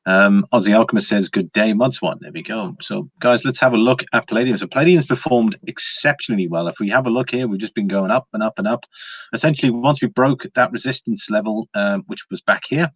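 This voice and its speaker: A man's voice: lowish voice, a little fast, husky, no room sound. A man hosting a casual live stream, chatting easily and reading viewer comments aloud. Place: indoors at home, evening.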